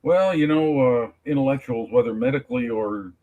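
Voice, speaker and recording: A man on a chat panel speaking in a measured, slightly formal way with frequent pauses. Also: medium pitch, expressive, dark tone, lo-fi sound. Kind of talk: casual chat.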